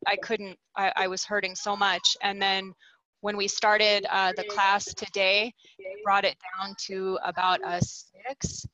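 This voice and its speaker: A woman taking part in a healing session, describing her feelings in a halting way and often restarting her phrases. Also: medium pitch, flat delivery, bright, forceful tone, dull audio. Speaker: session participant. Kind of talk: halting personal account.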